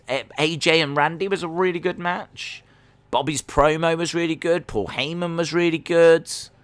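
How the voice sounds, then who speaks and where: Male reaction host, bright forward tone, dry close sound, rambling casual delivery. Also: a little high, steady tone, normal speed, smooth, dry recording. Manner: casual, musing, rambling with fillers and restarts. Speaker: watch-along host. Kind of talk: live reaction commentary.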